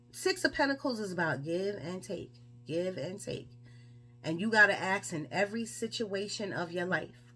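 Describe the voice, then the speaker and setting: A woman gives a casual tarot reading. She talks in a chatty, emphatic way and fires off rhetorical questions. Her voice sits at an ordinary middle pitch. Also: fairly bright tone, husky. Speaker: tarot reader.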